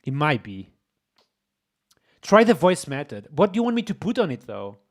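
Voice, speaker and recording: A man streams himself coding and keeps up a running commentary to his viewers. His voice sits a little high and swoops all over the place. He is excitable and often breaks into exclamations. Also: moderate pace. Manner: excitable, exclaiming, talks to chat. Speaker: streamer, host.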